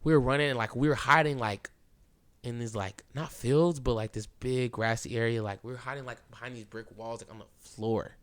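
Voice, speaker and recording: A young man hosting a podcast, telling a story in a casual, animated way and filling it with "bro" and "like.". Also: mid-range voice, brisk. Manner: animated, keeps saying "bro" and "like"; acts out quoted lines, drops to a hushed voice at times. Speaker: podcast host.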